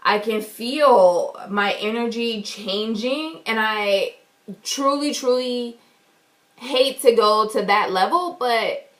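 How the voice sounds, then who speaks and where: High-voiced woman telling an indignant story. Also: slow, a bit bright. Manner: indignant, emphatic and profane retelling. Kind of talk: storytime vlog.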